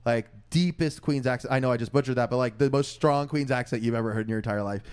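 Young man, podcast co-host, rapid casual storytelling, animated quoted voices. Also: clean tone. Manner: animated, acts out quoted voices with big pitch jumps.

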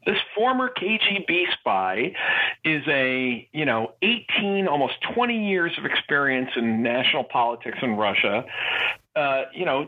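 A man's voice: a little high, breathy edge. A man speaking as a political commentator on a talk show, rambling with many fillers and restarts. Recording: tinny phone line.

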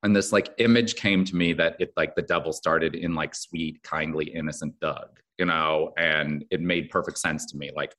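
A man's voice: rumbling low, steady tone, moderate pace, hardly any pauses, fairly bright tone. A man who writes a daytime drama, talking casually in an interview and rambling with lots of fillers and restarts. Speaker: soap opera head writer.

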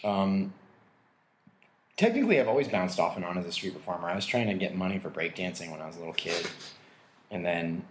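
A man's voice: deep voice, expressive, brisk, long pauses. A man, a comedian guest, telling rambling, self-mocking stories about his past and laughing often. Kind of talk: casual storytelling interview. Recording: roomy echo.

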